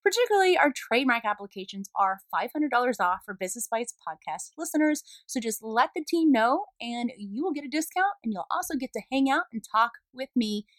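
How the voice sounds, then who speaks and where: A woman's voice: lively intonation, brisk, few pauses, fairly bright tone, dry recording. A woman podcast host reading her own sponsor message in an upbeat, salesy way. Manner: upbeat, bouncy sales pitch. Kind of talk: ad read.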